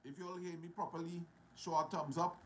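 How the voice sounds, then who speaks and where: A man with a Trinidadian accent hosting a casual live stream, greeting viewers one by one and talking loudly. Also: a little high, steady tone, fairly quick, a little hiss or hum, rough recording. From Trinidad and Tobago. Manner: greets viewers by name, loud and friendly. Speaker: livestream host.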